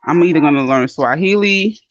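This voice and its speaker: A woman's voice: low voice, lively intonation, a little fast, very noisy. Chatty woman caller on a dull line. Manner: playful and chatty, slangy. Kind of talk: casual call-in chat. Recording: dry dull call audio.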